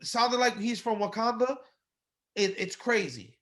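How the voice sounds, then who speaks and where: Bright, high-voiced man reviewing wrestling. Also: a little slow. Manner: blunt, animated, swears, mocking. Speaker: podcast co-host. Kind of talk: casual wrestling review chat.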